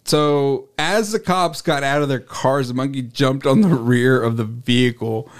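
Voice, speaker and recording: A man co-hosting a casual podcast reads out odd news stories and riffs on them, swearing freely. His voice sits in a middle pitch, easygoing and unhurried. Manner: profane, laid-back news storytelling. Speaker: podcast co-host. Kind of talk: casual chat.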